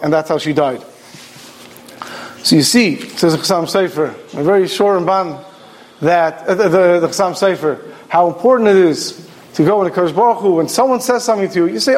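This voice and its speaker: A man giving a Torah sermon, animated, asking rhetorical questions and acting out stories. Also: high-pitched. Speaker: Torah teacher.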